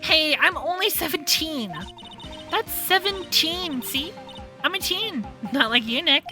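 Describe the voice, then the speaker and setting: A woman voicing an excitable teenage girl who squeals eagerly and breathlessly. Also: high voice, slow, soft background music, pitched above the performer's own voice, exaggerated voice.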